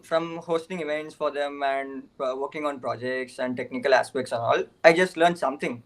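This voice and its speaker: A man's voice: medium pitch, poor audio. A young man, a student guest in an interview, answering casually with many fillers and frequent chuckles.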